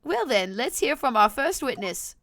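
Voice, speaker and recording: A woman's voice: high voice, very animated, moderate pace, a bit bright, no echo, clean studio sound, voice pushed up, exaggerated voice. A flustered old judge with a lifted, fussy voice, polite and formal, as a woman puts him on. A light game read. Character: elderly male judge, flustered and easily swayed.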